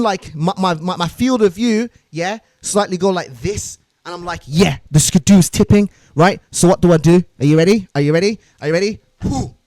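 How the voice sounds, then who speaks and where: A young man, talking high in his range, retells a story on his stream with shouts, curses and sound effects. The sound is dry and close, with no room around it. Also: no room sound. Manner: swearing, shouting, mimicking sounds. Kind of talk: animated storytelling.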